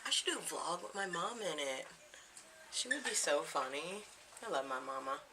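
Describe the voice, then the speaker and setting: Bright-voiced chatty woman vlogging at home. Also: sits low, expressive, moderate pace, a little hiss or hum. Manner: rambling, chatty, laughs often. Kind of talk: casual chat to camera. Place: home, indoors.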